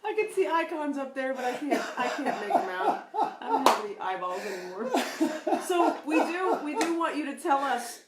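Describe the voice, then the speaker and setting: A woman's voice: high-pitched, sing-song, moderate pace, a loud crowd. A woman co-hosting a casual live-stream podcast chat, teasing her partner, laughing often and reading out viewer comments. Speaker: podcast co-host. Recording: roomy, distant mic.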